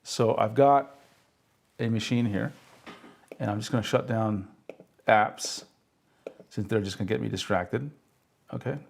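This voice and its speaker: A man with a fairly low, creaky voice speaks unhurriedly with fairly even intonation and long pauses while hosting a live tech stream on pen displays. He explains the hardware step by step, checks in with "okay?" and "right?", and laughs at himself when a demo fails.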